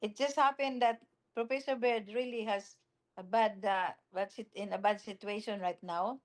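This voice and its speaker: A woman who leads a local office speaks from its small kitchen over a video call, explaining things and reassuring others in a halting way. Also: mid-range voice, fairly even intonation. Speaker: local office leader answering questions.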